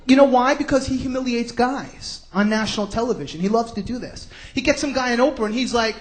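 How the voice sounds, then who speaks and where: A man from New York with a New York accent, doing a stand-up comedy routine with brash, sarcastic ranting and sudden shouts. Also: very high-pitched, a little fast, few pauses. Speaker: stand-up comic.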